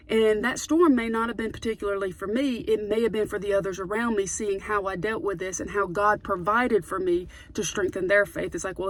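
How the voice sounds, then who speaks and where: Earnest woman giving an informal sermon. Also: mid-range voice. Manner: earnest, rising to emphatic declarations. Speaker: preacher.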